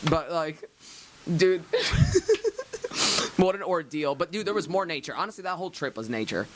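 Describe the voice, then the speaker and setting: A man's voice: high voice, wildly swooping pitch, a little slow, fairly bright tone, a little hiss or hum. A young man co-hosting a podcast, rambling through a story in casual chat, swearing and laughing often. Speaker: podcast co-host.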